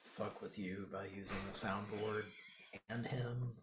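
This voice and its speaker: A man's voice: fairly low pitch, steady tone, unhurried, over music. A man hosting a live show, chatting casually with crude jokes and banter. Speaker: podcast host. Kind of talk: casual live-stream chat.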